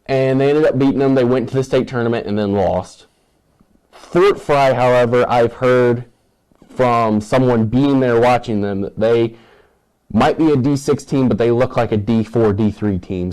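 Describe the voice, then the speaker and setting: A man's voice: medium pitch, normal speed, darkish tone, rough recording. A man hosting a casual sports show, rattling off playoff matchups and confident picks.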